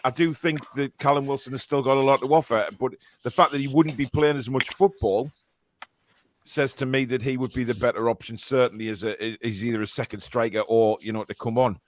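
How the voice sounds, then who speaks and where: A man's voice: medium pitch, steady tone, a little fast, a little hiss or hum. Chatty Geordie man hosting. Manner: chatty, rambling, many fillers and restarts. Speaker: fan show host. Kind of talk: casual live fan-show chat.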